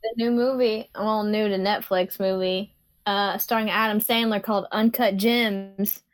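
A woman's voice: mid-range voice, fairly even intonation, measured pace, no room sound. A woman in casual chat, bluntly giving strong opinions.

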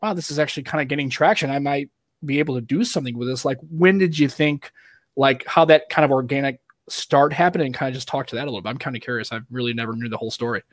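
Talking fast in a mid-range voice, a male podcast co-host rambles through casual chat full of fillers and restarts. The recording is studio quality with no echo.

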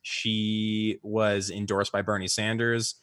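A man's voice: fairly low pitch, little pitch movement, takes it slowly, fairly bright tone, clean tone, no room sound. A man co-hosting a casual political podcast, rambling with many fillers and restarts. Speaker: podcast co-host.

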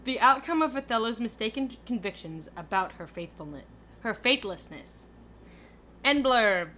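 A woman's voice: a little high, animated, normal speed, pushed and bright, slight background noise. A young woman co-hosting a podcast, reading a summary aloud and chatting casually, laughing and swearing playfully. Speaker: podcast co-host.

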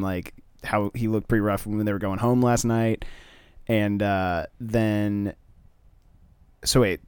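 A man's voice: on the low side, clean tone, no echo. A man casually working out a comedy plot aloud, hesitant and loose. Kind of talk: comedy podcast improv.

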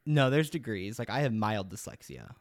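A man's voice: medium pitch, normal speed, no echo, studio quality. A young adult man co-hosting a podcast, telling a mystery story in casual, rambling, upbeat chat.

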